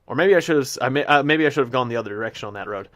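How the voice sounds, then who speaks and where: A man's voice: mid-range voice, expressive, racing, a bit bright. A man giving casual commentary while he plays a game, chatting to the animals he meets and reading the game's text aloud. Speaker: gameplay commentator. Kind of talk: casual let's-play commentary.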